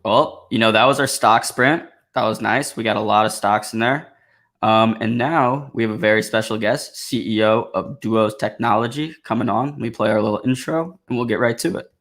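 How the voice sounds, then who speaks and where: Relaxed male producer-interviewer, easygoing chat. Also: lowish voice, moderate pace. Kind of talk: live show chat.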